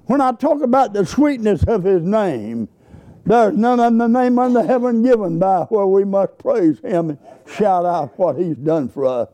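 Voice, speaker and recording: A man preaches with a high, animated voice at a slightly slow pace. His sermon weaves folksy stories that swell into enthusiastic shouts of praise.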